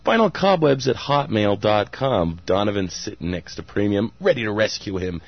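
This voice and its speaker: A man's voice: fairly low pitch, normal speed, gravelly, dry recording, highs cut off. Playful man hosting a radio show. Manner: playful, teasing, animated. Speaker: radio host. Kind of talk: casual radio chat.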